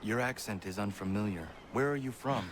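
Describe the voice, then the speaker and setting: An actor playing a reserved, measured young frontiersman in a video game. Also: lowish voice, a little hiss or hum, natural voice. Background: game music.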